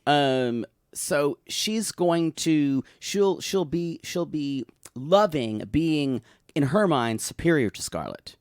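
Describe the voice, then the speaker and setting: This podcast co-host has a clear, resonant, somewhat high voice and sounds animated as he chats casually through a recap. He rambles, keeps restarting, and does quick impressions, all captured in a dry, clean studio recording.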